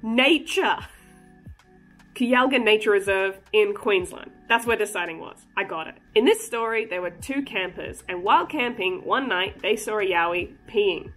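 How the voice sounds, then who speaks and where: A woman's voice: medium pitch, normal speed, few pauses, a bit bright, faint music behind. A woman hosting a casual cryptid vlog, chatty and joking, breaking into giggly asides. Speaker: cryptid channel host.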